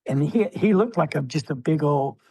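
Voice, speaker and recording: A man, a military veteran, telling stories as a podcast guest with many fillers, often clearing his throat. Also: a little high, lively intonation, normal speed, warm tone, slight background noise. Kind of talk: casual storytelling interview.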